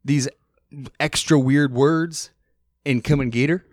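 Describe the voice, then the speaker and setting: Rambling animated man in a dry studio. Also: medium pitch, slow pace, dry recording. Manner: rambling, animated storyteller doing mock accents. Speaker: podcast co-host. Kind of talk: casual chat. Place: podcast studio.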